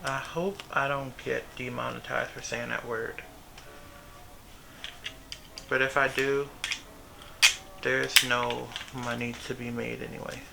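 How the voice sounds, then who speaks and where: A man's voice: medium pitch, level tone, slow, creaky, long pauses, very noisy. A young man, chatting casually and rambling to himself while he works on a sewing project at home. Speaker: vlogger. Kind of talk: casual talk to camera. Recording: background music under voice.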